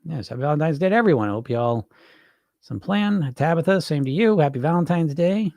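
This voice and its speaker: A man's voice: a little high, animated, brisk, creaky, a little mellow, no echo. A man coaching on weight loss in a livestream, answering chat in a blunt, profane, fired-up way.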